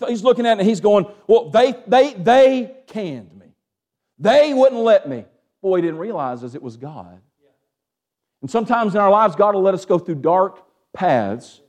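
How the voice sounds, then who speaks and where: High-pitched preacher calling "amen?". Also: male voice, expressive, a little fast. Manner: Southern-tinged preaching with call-and-response "amen?", swings from hushed to raised. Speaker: pastor. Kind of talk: sermon.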